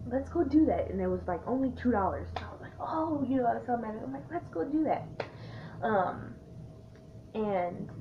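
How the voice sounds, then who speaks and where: Young woman, casual storytime vlog, chatty and animated, tinny phone-like audio, faint hiss. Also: mid-range voice. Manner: chatty, animated, acts out quotes. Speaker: vlogger. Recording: tinny lo-fi sound.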